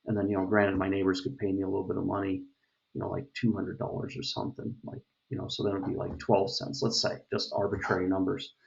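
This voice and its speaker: A middle-aged American vlogger rambles through a casual opinion monologue, full of fillers and restarts. His deep voice is monotone, quick, and marked by vocal fry, captured on a dull lo-fi recording.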